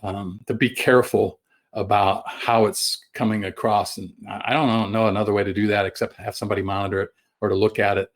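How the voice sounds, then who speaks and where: A middle-aged man presenting a webinar over a video call, folksy and halting, with many fillers and restarts. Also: on the low side, level tone. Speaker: guest sales trainer.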